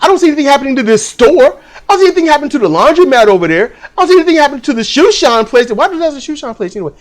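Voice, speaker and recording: A man casually recounting a dream, profane and animated, acting out the people in it. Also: very high-pitched, rapid-fire. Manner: profane, animated, acts out voices. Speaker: channel host. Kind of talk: casual storytelling.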